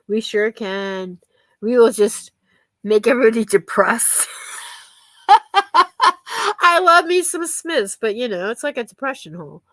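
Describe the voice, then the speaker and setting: A woman's voice: medium pitch, dry recording. A woman chatting casually with viewers on a live stream, giggling often and thanking them by name.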